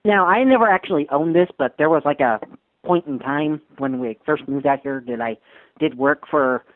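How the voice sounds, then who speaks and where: A man's voice: a little high, moderate pace, no room sound, poor audio. A young man co-hosting a casual podcast, easygoing, with short replies and frequent laughs. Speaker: podcast co-host.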